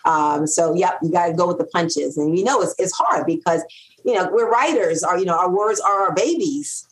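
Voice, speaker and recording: Animated middle-aged woman, English her second language. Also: lowish voice, normal speed, poor audio. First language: not English. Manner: animated, repeats phrases for emphasis. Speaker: guest copywriter. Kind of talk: casual interview chat.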